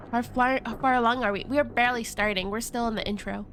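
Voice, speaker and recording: A young woman streams a game live, greeting her chat and reading the story text aloud. Her voice sits a little high. She talks casually and easily between passages. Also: fairly even intonation, fast talker, a bit bright, a little hiss or hum. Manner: chatty, greets viewers between read passages.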